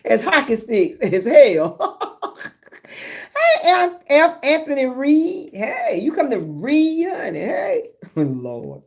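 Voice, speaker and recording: A woman hosting a livestream chats casually with her viewers, telling lively stories, laughing a lot, and drawling in a Southern way. Her voice is high-pitched, with drawn-out words and long pauses.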